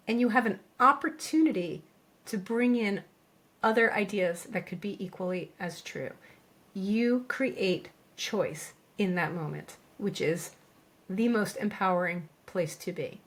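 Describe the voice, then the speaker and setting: A middle-aged woman speaks as a podcast co-host, calm and reassuring. She slows down to lean on key phrases, giving a steady coaching delivery at a medium pitch. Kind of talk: scripted podcast monologue.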